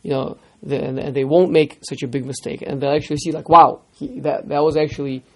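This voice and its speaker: A man teaching a text study class, lively, firing rhetorical questions at his students and repeating words as he starts sentences. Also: a little high, brisk, creaky. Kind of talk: interactive text lesson.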